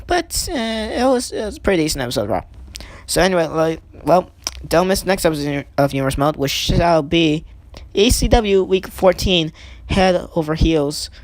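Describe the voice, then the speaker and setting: A woman giving eager play-by-play wrestling commentary over a video game, climbing high in pitch as she counts pins, with chatty asides. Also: moderate pace, no room sound. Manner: excitable, rising sharply on pin counts, chatty asides. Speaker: gaming channel host.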